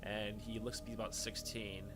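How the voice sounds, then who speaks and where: A man narrating a tabletop game as game master, talking casually and rambling through his descriptions. His voice sits in a middle pitch. Music plays clearly underneath. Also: level tone, normal speed. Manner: casual, rambling with fillers, swears.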